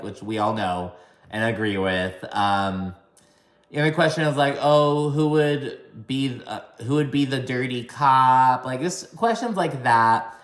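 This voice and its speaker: A man gives a casual, gossipy recap of a reality show, swearing a lot and mimicking cast members' lines in high, exaggerated voices. His voice is a bit bright, and the room sounds echoey.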